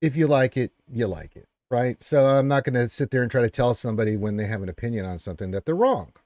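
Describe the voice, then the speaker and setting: A man of middle pitch hosting a live stream with a lot of energy, jokingly picking fights with his guest. His voice sounds dry and close, with no room around it. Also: expressive, fast talker, darkish tone, no room sound. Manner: boisterous, teasing, says "right?" often. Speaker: show host.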